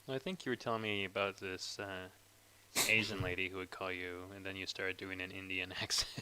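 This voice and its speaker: A man's voice: low voice, flat delivery, brisk, pushed and bright, smooth, rough recording. A young man co-hosting a casual livestream chat, teasing his friend with dry comebacks. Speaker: co-host.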